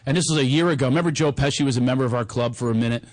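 A middle-aged man hosting a radio show, telling stories in animated casual banter and acting out quotes. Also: mid-range voice, rapid-fire. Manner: animated storytelling, laughs often, acts out quotes. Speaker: radio host.

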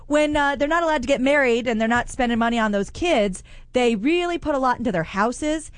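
A woman co-hosting a radio show, telling stories in animated, blunt and crude casual banter. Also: high voice, fairly quick, no room sound. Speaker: radio co-host. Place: radio broadcast from a shopping promenade.

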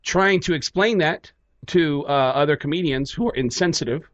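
A man with a fairly high voice tells a story with lively energy, jumping in and out of voices. He is a comedian guest on talk radio. The sound is dry and a bit dull, lo-fi. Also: moderate pace, no room sound. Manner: lively, acts out every quote in voices.

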